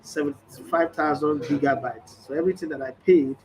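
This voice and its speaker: A man's voice: a little high, fairly quick, crowd noise, rough recording. A middle-aged Nigerian man hosting a sports vlog, telling stories emphatically and acting out quoted conversations. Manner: emphatic, storytelling, acts out quoted exchanges. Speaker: sports journalist and channel host. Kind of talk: casual vlog monologue. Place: hotel room or indoor space, background ambience.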